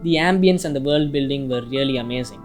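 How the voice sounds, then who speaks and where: A man's voice: medium pitch, fast talker. Man narrating an opinionated film review. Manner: casual, opinionated, with mild swearing. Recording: music playing faintly behind.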